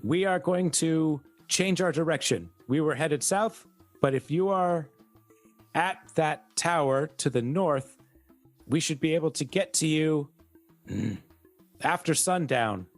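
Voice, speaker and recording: A man's voice: fairly high pitch, lively intonation, a little slow, faint music behind, pitched above the performer's own voice. A man voicing an older male benefactor with an Austrian accent, giving clipped orders over a crackly radio. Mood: commanding. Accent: Austrian, as put on.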